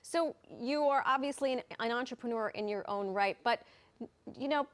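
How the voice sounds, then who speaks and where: A woman hosts a television news interview in a fairly high voice. She is chatty and enthusiastic, often cheering her guest on. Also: moderate pace, fairly bright tone. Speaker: news show host. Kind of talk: TV interview hosting.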